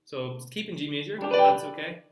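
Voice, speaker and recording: Guy teaching singing online, high bright voice, echoey room. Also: lively intonation, normal speed, over loud music. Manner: coaching, demonstrating vowels and singing examples.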